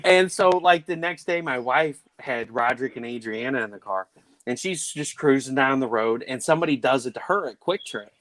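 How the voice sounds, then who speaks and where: A man's voice: mid-range voice, moderate pace, no echo. A man hosting a casual chat, telling family stories and acting out the quotes. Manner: animated storyteller who acts out quotes. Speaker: host.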